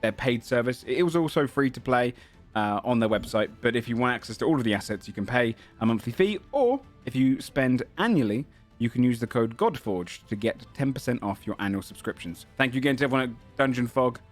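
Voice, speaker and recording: A man's voice: medium pitch, expressive, brisk, soft background music. Joking man hosting a game. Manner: jokey, self-mocking. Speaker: game master and show host. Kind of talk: casual chat and sponsor read.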